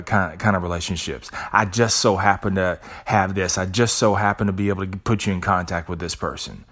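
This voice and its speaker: A man's voice: on the low side, fairly bright tone. A man hosting a podcast, giving a profane, preachy motivational monologue. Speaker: podcast host.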